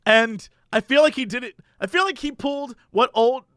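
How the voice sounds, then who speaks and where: A man's voice: very high voice, moderate pace, bright, forceful tone, dry recording, studio quality. A man co-hosting a podcast, animatedly telling a funny anecdote, acting out voices and laughing as he goes. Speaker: podcast co-host. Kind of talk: casual storytelling chat.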